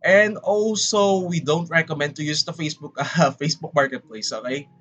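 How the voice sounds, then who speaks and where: Talking straight to his chat, a man from the Philippines rambles with dramatic flair in Filipino-accented English. His voice is a little high and fairly bright, moving at a moderate pace, over dull, lo-fi stream sound with faint background music.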